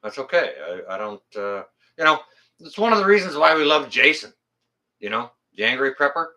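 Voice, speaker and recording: Man, channel host, blunt and profane. Very bright, cutting tone at a middling pitch. Loose, rambling livestream chat. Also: big pitch swings, brisk. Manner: blunt, plain-spoken, swears freely; rambling, self-correcting delivery. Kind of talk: casual livestream chat reading viewer comments.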